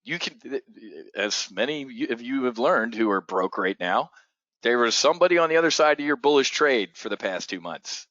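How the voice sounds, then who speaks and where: A man hosting an options trading show, giving excitable, blunt commentary full of swearing. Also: mid-range voice, moderate pace, dry recording, dull audio. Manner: excitable, profane, blunt asides. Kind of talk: live market commentary.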